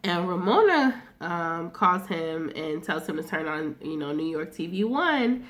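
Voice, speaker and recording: A woman's voice: lowish voice, big pitch swings, measured pace, a bit bright. A woman recapping a TV episode in a loose, chatty way, with plenty of fillers, slang and swearing. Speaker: TV recap vlogger.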